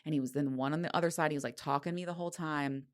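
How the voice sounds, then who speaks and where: A woman's voice: low-pitched, fairly even intonation, rapid-fire. A middle-aged woman hosting her own podcast, talking frankly and breathlessly in a candid solo monologue, often laughing and sighing. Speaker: podcast host.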